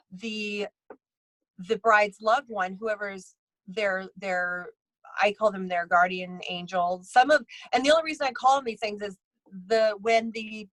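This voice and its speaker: A woman's voice: mid-range voice, fairly bright tone, no echo, low-quality recording. A woman who works as a psychic medium and bridal tailor, telling stories casually in an interview, rambling with many restarts and acting out other people's lines.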